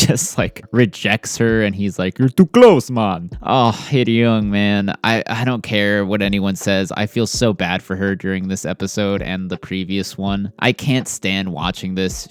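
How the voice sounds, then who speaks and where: A man's voice: fairly low pitch, clean tone, dry recording. A man recapping and reviewing a TV drama in a casual, blunt, slangy way with wry asides.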